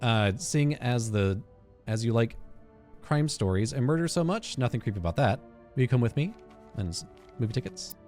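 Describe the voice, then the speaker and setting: Hosting a game playthrough for his gaming channel, a man reads in-game letters aloud, full of fillers, restarts and self-corrections, sometimes dropping into a low aside. His voice is a little mellow with lively intonation at a moderate pace, and faint music plays behind him.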